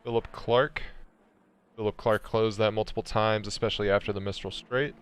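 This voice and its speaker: Male race caller, clear and smooth, playful banter. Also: fairly low pitch, steady tone, normal speed. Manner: joking, laughs often, jokey put-on accents. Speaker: sim racing commentator. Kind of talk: casual esports race commentary.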